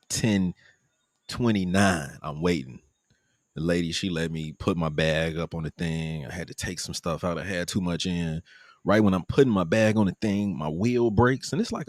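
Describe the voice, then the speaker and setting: Animated gravelly man telling a travel story. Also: no room sound, clean studio sound. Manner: animated, acts out quoted people in a higher voice. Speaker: vlogger live-streaming his trip. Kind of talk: casual storytelling.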